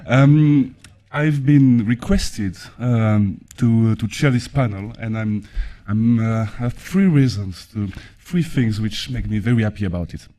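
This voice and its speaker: A man with a French accent chairing a conference panel, speaking haltingly with many fillers and restarts. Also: on the low side, warm tone. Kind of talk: formal conference speech.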